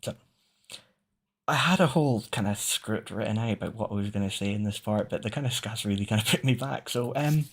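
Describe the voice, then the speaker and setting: A Scottish-accented man streams as a VTuber, rambling casually to his chat and swearing and laughing often. His voice is lowish and a little fast, picked up by a streaming microphone.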